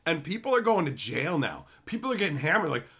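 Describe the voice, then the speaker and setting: Animated, foul-mouthed male stream host. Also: a little high, quick pace, slightly rough. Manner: profane, sarcastic, animated ranting. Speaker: livestream host reading chat. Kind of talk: casual ranting commentary.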